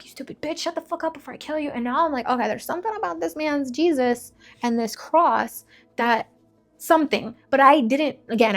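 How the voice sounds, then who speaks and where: A woman giving an emotional personal testimony, telling her story vividly with many fillers and restarts. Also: on the high side. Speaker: testimony speaker.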